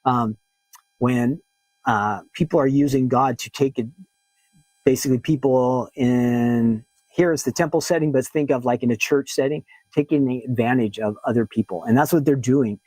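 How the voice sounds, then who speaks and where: A man's voice: medium pitch, moderate pace, darkish tone, no room sound, rough recording. A man leading a casual Bible lesson, reading verses aloud and explaining them plainly in everyday words. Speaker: Bible teacher.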